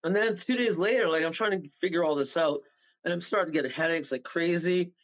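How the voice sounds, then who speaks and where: A man guest on a radio show, telling rambling, animated stories and laughing partway through them. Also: on the high side, brisk, poor audio. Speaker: paranormal guest. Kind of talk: casual storytelling on a radio show.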